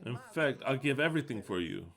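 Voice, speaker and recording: A man's voice: mid-range voice, very animated, fast, fairly bright tone. A man giving a live spoken interpretation of a sermon talk, agitated and emphatic, cursing and repeating himself. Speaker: interpreter voicing the preacher.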